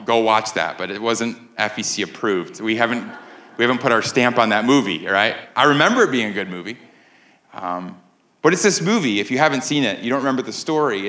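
Bright-voiced pastor preaching in a roomy hall. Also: male voice, fairly low pitch. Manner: conversational, keeps asking the audience "right?". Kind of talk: sermon. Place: church sanctuary with a live congregation.

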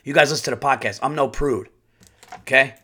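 A man hosting a podcast, telling a rambling, profane, animated story in a casual way. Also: medium pitch, brisk, husky. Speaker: podcast host and comedian.

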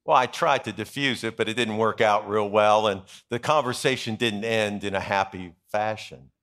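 A middle-aged senior pastor preaches a sermon deliberately, going soft and low when telling stories and rising for emphasis.

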